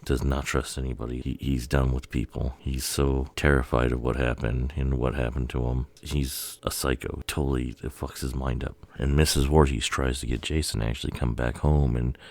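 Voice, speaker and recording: A man with an extremely deep, gravelly voice talks through a story idea in a loose, rambling way. He swears casually and runs his thoughts together. The recording is close and dry, with no room sound. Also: little pitch movement, normal speed, hardly any pauses, a little mellow, no room sound. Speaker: video creator.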